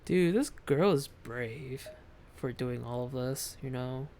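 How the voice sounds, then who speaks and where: A game streamer doing live gameplay commentary, reading the on-screen text aloud and thinking out loud. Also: medium pitch, takes it slowly, a little hiss or hum.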